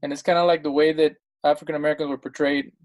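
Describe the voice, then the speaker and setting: A man's voice: a little high, level tone, racing, a little mellow. A man speaking as a guest in a casual discussion, telling stories in an impassioned, emphatic way.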